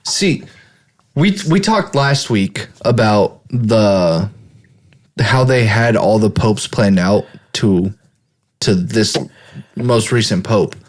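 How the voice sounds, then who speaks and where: A man's voice: fairly low pitch, expressive, takes it slowly. Blunt, swearing man in casual chat. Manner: blunt, profane. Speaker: podcast co-host.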